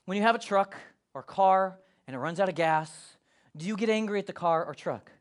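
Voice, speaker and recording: High-voiced playful pastor. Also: male voice, moderate pace. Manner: playful, joking, emphatic. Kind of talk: casual sermon.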